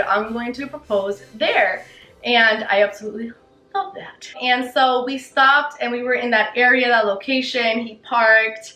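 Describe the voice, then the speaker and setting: A young woman telling her story to camera in a casual, excited and gushing way, full of "you know" and "like". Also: a little high, roomy sound, low-quality recording. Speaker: vlogger.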